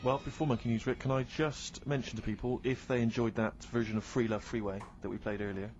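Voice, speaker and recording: A man co-hosting a radio show, speaking in a brisk, mock-stern way during casual banter. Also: medium pitch, fairly even intonation, a little mellow, highs cut off, soft background music. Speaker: radio co-host.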